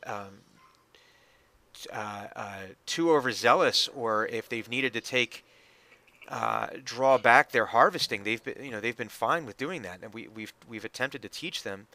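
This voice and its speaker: A man voicing a male elf elder who speaks slowly and formally, with halting pauses. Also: mid-range voice, pushed and bright, dry recording, voice pushed down. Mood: earnest. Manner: slow, halting, formal speech.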